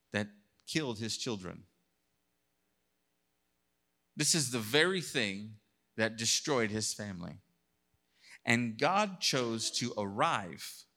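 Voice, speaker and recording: A male pastor with a lowish voice preaches a sermon, reading scripture aloud and acting out God's lines. He shifts between hushed passages and loud bursts.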